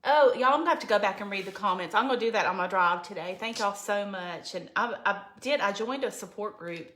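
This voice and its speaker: A middle-aged woman hosts a relaxed crafting livestream, greeting viewers by name as she chats and sometimes getting teary. Her voice sits at a medium pitch, fairly quick and a little bright. The room sounds echoey, with faint noise in the background.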